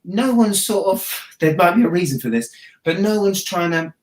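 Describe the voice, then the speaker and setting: A man from Southampton with a Hampshire accent, a watch YouTuber chatting casually as a guest, joking and laughing, often trailing off quietly. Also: high voice, lively intonation, normal speed. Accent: Hampshire English. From Southampton, England. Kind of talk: casual interview chat. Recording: echoey room.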